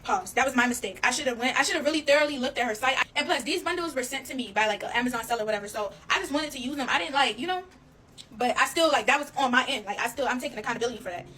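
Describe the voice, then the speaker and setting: Fast-talking woman telling a storytime. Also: sits high, slight background noise, rough recording. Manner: fast, animated, addresses listeners as y'all, swears freely. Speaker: storyteller vlogger. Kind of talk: casual storytime monologue.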